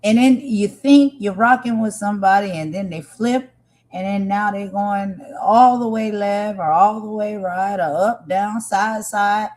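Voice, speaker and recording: A woman's voice: medium pitch, a little slow, darkish tone. A woman hosting a livestream, talking earnestly and with passion to her viewers. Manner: earnest, impassioned, talks to viewers directly. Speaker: livestream host. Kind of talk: emotional livestream commentary.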